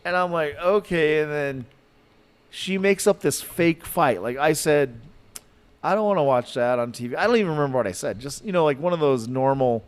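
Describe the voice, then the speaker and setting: A man telling a podcast story in an animated, rambling way, full of fillers and likes. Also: on the high side, moderate pace. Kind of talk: casual storytelling.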